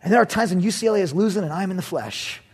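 A middle-aged pastor with a husky voice preaches in a high register. He keeps it conversational and joking, slipping in acted-out quotes between his points. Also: expressive, very fast, a little mellow. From Southern California. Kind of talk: sermon.

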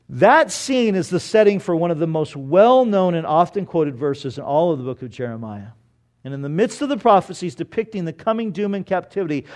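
A male preacher with a slightly higher voice delivers a sermon as lively storytelling. He swings from loud, emphatic bursts to low, quiet asides. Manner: animated storytelling, rising loud for emphasis then dropping low.

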